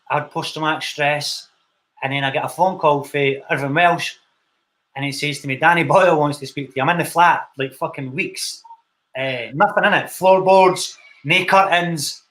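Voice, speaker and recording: A man's voice: on the high side, a bit bright. A young Scottish man, a film director, telling his story in a casual interview, blunt and swearing freely. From Scotland. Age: young adult.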